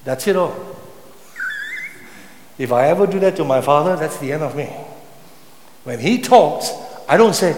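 A man preaching a sermon with passion, sometimes rising to loud cries. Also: fairly high pitch, expressive, moderate pace, long pauses. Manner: impassioned, rising to shouts when voicing psalm cries. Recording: echoey hall with long reverb.

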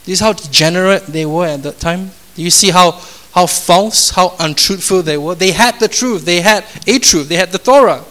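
A man's voice: high-pitched, normal speed, few pauses, fairly bright tone. A man preaching a sermon. He speaks emphatically, repeats phrases and asks the congregation rhetorical questions. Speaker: pastor.

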